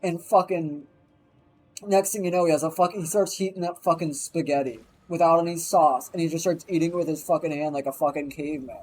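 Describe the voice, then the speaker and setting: On a low-quality recording with slight background noise, a man speaks a little fast in a slightly high voice. Swearing constantly, he tells a rambling, animated story on a stream and acts out quoted voices as he goes.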